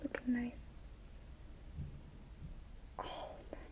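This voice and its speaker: A young woman chatting in a rambling, self-mocking way while doing her hair and makeup for a phone video vlog. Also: drawn-out words. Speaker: vlogger. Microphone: phone camera. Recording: dull lo-fi phone recording.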